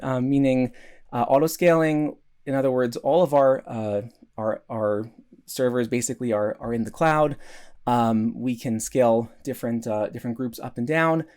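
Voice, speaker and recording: A man's voice: mid-range voice, a little mellow. A man giving a recorded conference talk, earnest, with many restarts and fillers. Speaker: conference speaker.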